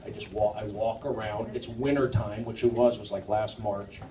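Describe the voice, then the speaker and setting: A man performing a live stand-up set in a comedy club, rambling and jumpy, swinging from mumbled asides to sudden shouted outbursts. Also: fairly low pitch, steady tone, moderate pace, crowd noise. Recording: roomy, distant club recording with noise. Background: audience laughter.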